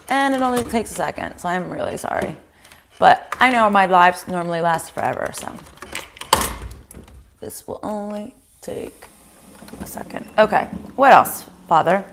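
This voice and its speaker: A woman's voice: fairly low pitch, moderate pace, background noise. A woman giving a casual tarot reading at home, chatting to viewers, voicing their inner thoughts and swearing freely. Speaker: tarot reader. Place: home kitchen in a house.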